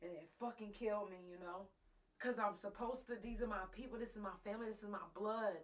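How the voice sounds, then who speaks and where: A bit of hiss or hum sits under a woman's medium-pitched voice as she hosts a live talk show, speaking a little fast with fairly even intonation. She shares a raw, emotional personal story full of profanity right to her audience, nearly in tears.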